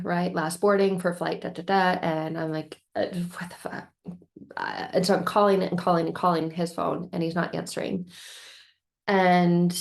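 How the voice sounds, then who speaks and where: A woman's voice: on the low side, vocal fry. A woman vlogger telling a painful personal story candidly, in an emotional, rambling way with many restarts.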